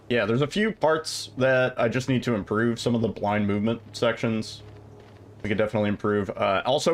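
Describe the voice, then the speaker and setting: A man streaming a speedrun, chatting casually and rambling as he answers his chat, with some casual swearing. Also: on the low side. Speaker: livestreamer and speedrunner.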